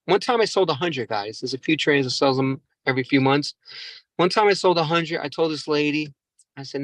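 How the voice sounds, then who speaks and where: A man's voice: a little high, brisk, fairly bright tone, no echo, low-quality recording. A man doing stand-up comedy, rambling and mocking himself, often calling the crowd "guys".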